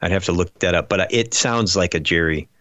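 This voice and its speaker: A man's voice: deep voice, a little fast, fairly bright tone, no echo. A man chatting casually on a podcast, rambling through stories with many fillers and restarts. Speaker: podcast guest. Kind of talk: casual chat.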